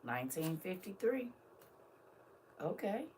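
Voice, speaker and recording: Speaking slowly in a lowish, darkish but very animated voice, a woman opens gifts on a live stream with slight background noise. Fighting back tears, she chats casually and emotionally, addressing her viewers directly.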